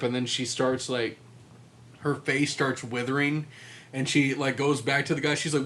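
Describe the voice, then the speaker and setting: A young man on a casual podcast who rambles through stories, swears often and jumps into loud acted-out quotes. His pitch sits in the middle range for a man. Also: flat delivery, moderate pace. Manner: rambling storyteller, swears freely, acts out quotes in loud voices. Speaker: podcast co-host. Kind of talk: casual chat.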